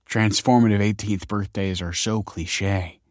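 A man voicing a sharp-tongued young woman. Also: lowish voice, steady tone, unhurried, no echo, studio quality, lightly acted. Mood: teasing. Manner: sharp, snappy banter. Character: brash, teasing young adult woman.

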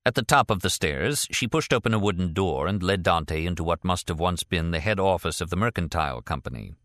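Deep voiced guy reading a novel, lively storytelling, dry close mic. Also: fairly quick, no echo. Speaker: audiobook narrator. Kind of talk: scripted narration.

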